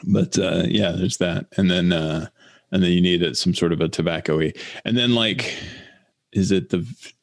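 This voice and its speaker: A man co-hosting a casual chat, rambling and halting, laughing often and mimicking voices in his stories. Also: low-pitched, gravelly, no echo. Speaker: podcast co-host.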